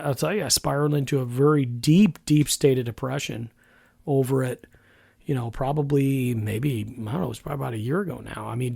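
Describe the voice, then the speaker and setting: Middle-aged man, husky and gravelly; halting, reflective solo podcast talk. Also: medium pitch, dry recording, clean studio sound. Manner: halting, with many restarts and quiet trailing phrases. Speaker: podcast host.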